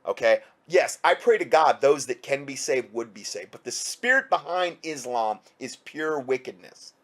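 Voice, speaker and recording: A man's voice: medium pitch, animated, normal speed, a bit bright. A man reading out news reports and breaking in with sarcastic, heated commentary.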